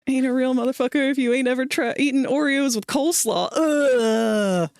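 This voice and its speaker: A woman's voice: high voice, normal speed, a little mellow, dry recording. A woman hosting a live stream, chatting playfully with a friend and thanking followers. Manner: playful, laughing, reads out follower alerts. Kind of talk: casual chat.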